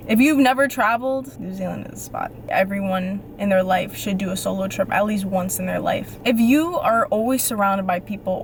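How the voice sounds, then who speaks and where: Young adult woman, faith vlogger, casual and lively, middle pitch, light background noise. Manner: chatty and animated, repeats phrases for emphasis. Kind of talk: casual talk to camera.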